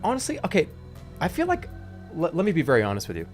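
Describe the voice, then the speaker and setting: A man in his thirties chatting casually with his live chat, animated and jokey, swinging between loud outbursts and low mutters. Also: quick pace, faint music behind. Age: 30s. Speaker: livestreamer.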